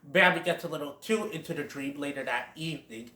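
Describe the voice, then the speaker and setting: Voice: medium pitch, a little fast, sharp tone, reverberant. A film reviewer retelling a plot in a casual, chatty way, laughing along. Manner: chatty, laughs at own jokes.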